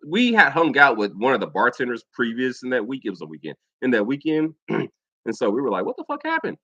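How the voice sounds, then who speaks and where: A man's voice: mid-range voice, very animated, a little fast, bright, forceful tone, dry recording, highs cut off. An American man and Air Force veteran telling a profane personal story in a casual vlog monologue, mimicking other people's lines as he goes. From United States.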